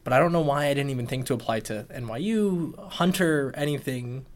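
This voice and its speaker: A man co-hosting a casual chat, reacting with lively, quick quips. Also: mid-range voice.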